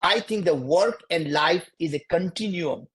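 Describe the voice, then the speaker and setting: A man's voice: fairly high pitch, measured pace. Emphatic Indian-accented man. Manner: emphatic, repetitive, preachy cadence. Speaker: entrepreneur guest. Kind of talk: motivational interview answers.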